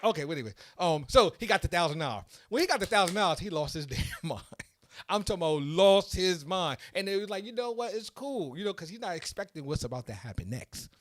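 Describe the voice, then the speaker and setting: A man hosting a casual podcast, telling a story in an excitable, animated way that builds to loud peaks. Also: a little high, fast, no echo. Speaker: podcast host.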